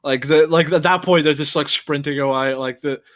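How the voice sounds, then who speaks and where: A young man riffing casually on a video with a co-host, excitable and swearing, repeating words as he goes. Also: a little high, normal speed, dry recording.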